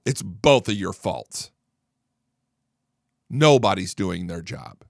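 A man's voice: mid-range voice, normal speed, vocal fry, pauses often, fairly bright tone, dry recording, studio quality. A man hosting a political talk show who rants angrily and combatively. He swears freely and repeats words when worked up. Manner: angry, combative, swears a lot.

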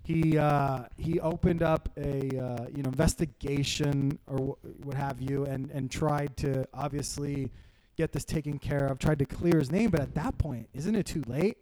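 A man's voice: a little high, normal speed, rough recording. A man co-hosting a podcast, telling a long story in casual chat with a lot of swearing. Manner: animated storyteller, heavy swearing. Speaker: podcast co-host.

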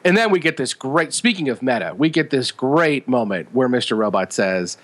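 A man co-hosting a casual chat, retelling scenes with animated enthusiasm and lots of fillers. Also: mid-range voice, normal speed. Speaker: podcast co-host.

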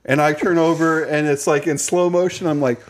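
Young male podcast co-host, slightly high voice, rambling casual storyteller. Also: fairly even intonation, moderate pace. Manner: rambling, filler-heavy storytelling.

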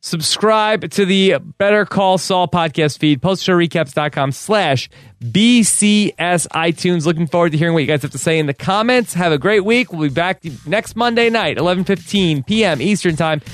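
A man with a smooth, resonant and fairly high voice hosts a casual recap podcast, moving briskly through his wrap-up and plugs. His voice sounds dry and close to the mic. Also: dry recording. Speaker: podcast host.

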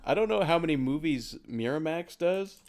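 A man's voice: fairly high pitch, expressive, normal speed, a little mellow. Blunt laughing man chatting about movies. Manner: blunt, laughs while telling stories. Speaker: podcast co-host. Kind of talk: casual movie review chat. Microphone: remote call microphone.

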